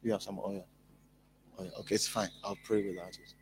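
A male pastor preaching a sermon in an emphatic, repetitive way, building up to loud peaks. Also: sits low, little pitch movement, brisk, slight background noise.

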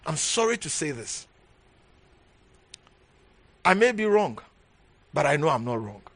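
A man preaching a sermon as bishop, emphatic, repeating key phrases and swinging from low murmurs to raised exhortation. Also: sing-song, a little slow, fairly bright tone, husky.

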